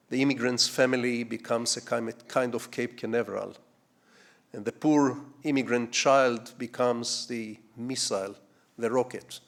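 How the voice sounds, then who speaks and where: An older man from Israel with an Israeli accent, giving a public lecture as a digressive storyteller who poses rhetorical questions and swings from quiet asides to loud, sweeping lines. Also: medium pitch. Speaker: guest lecturer.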